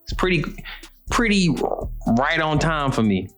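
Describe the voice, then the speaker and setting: A man's voice: fairly high pitch, sing-song, unhurried, fairly bright tone, soft background music. A young man hosting a show, giving blunt, repetitive motivational talk full of slang. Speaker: show host. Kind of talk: motivational monologue.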